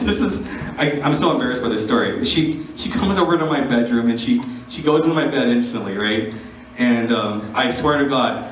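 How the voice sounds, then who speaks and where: A young man telling a funny personal story, animated and laughing as he acts out the people in it. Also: medium pitch. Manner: animated, giggly, voices the people in his story. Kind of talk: casual storytelling to camera. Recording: echoey, distant, noisy phone recording.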